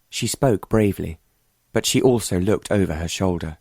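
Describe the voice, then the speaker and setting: A man narrating an audiobook in calm, measured storytelling. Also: sits low, dry recording, clean studio sound. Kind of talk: scripted narration.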